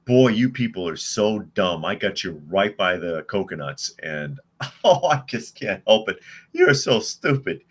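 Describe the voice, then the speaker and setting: A man's voice: lowish voice, very animated, unhurried. A man putting on a smug woman politician who gloats and sneers at her audience. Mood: gloating. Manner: mocking, gloating.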